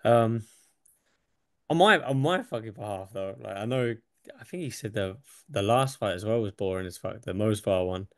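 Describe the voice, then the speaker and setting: Young English man, low voice, relaxed sweary chat, dead dry recording. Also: normal speed, no echo. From England. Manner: relaxed, swears freely, laughs between thoughts. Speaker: UFC fighter guest. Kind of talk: casual interview chat.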